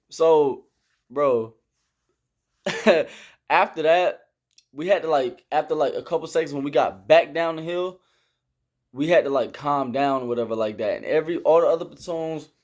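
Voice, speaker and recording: A young man telling a story about basic training in a casual, slangy vlog style, with lots of fillers. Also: fairly high pitch. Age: young adult. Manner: slangy and animated, with many fillers. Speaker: army recruit telling a story.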